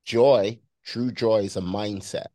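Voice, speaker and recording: A man's voice: fairly low pitch, steady tone, slow, mellow. A man hosting a casual interview, reacting with exclamations and asking follow-up questions. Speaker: interviewer host.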